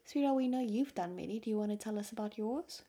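A woman's voice: medium pitch, fast talker, warm tone, slightly rough. A woman co-hosting a casual chat, prompting her partner with dry, teasing remarks.

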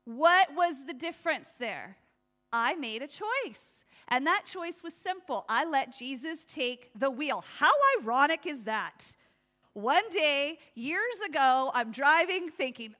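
A woman preaching a sermon in a lively, conversational way, laughing often and acting out voices. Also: high voice, unhurried.

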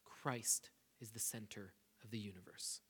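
A man preaching a sermon as pastor, animated, acting out people's prayers to God with rising intensity. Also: lowish voice, unhurried, slightly rough. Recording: reverberant hall.

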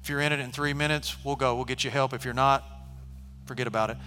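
Man, pastor type, bright forceful voice, long hall reverb, storytelling sermon. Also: medium pitch, fast, slight background noise. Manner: animated, shifts from conversational to shouting.

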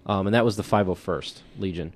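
Deep-voiced easygoing podcast co-host man. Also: brisk, no echo. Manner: easygoing, lots of "like" and "you know". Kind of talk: casual chat.

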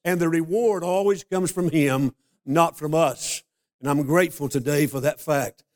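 An older man preaching a sermon, a folksy storyteller who slows down to stress scripture. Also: medium pitch. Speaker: pastor.

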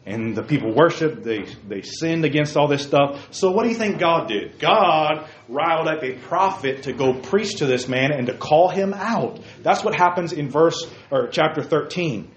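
A man teaching a Bible study to a group in an animated, emphatic way, heard in a roomy, dull lo-fi recording. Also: a little high, moderate pace, hardly any pauses.

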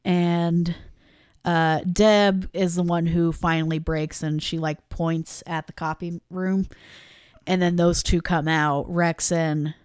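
A woman's voice: fairly low pitch, takes it slowly, smooth, no room sound, clean studio sound. A woman co-hosting a podcast, recapping a film in casual chat and acting out the characters' lines as she tells it. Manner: animated storytelling, acting out quoted lines. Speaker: podcast co-host.

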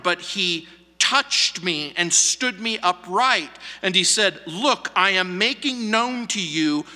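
A man with a high, sharply bright voice preaches verse by verse. He takes his time, asks the text questions and hammers points home by repeating words. His voice rings on in the long reverb of a church sanctuary. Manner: poses rhetorical questions and answers them; emphatic repetition for stress. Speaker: pastor. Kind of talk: verse-by-verse sermon.

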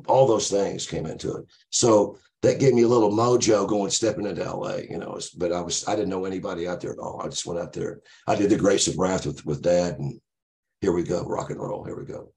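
A man's voice: fairly low pitch, a little mellow. A man in his sixties, a podcast guest, telling a long story casually and ramblingly with many asides.

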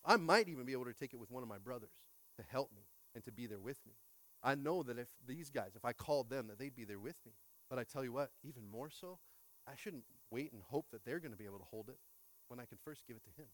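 A man preaching an energetic sermon as pastor, swinging from hushed prayer to loud calls and often asking the congregation to respond. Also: medium pitch, dry recording.

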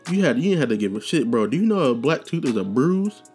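A man's voice: medium pitch, big pitch swings, quick pace, a little mellow, faint music behind. A young man hosting a casual storytelling podcast, talking loose and profane with slang, restarts and tangents. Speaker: podcast host.

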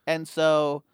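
A young man chatting casually as a podcast co-host, telling stories with lively acted-out quotes. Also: clean tone, no room sound, clean studio sound. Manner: animated storyteller, acts out quotes in loud high voices. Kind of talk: casual chat.

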